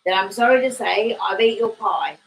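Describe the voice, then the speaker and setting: Brief: woman narrator voicing a rough male convict in a read-aloud novel, moody, blunt, slow delivery. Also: mid-range voice, slight background noise, close to an everyday voice, poor audio.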